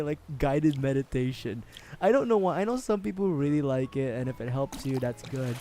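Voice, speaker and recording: A man's voice: on the high side, animated, moderate pace, mellow, slight background noise. A young man streaming a game, chatting casually in a rambling way, swearing and laughing often. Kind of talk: casual livestream chat while gaming.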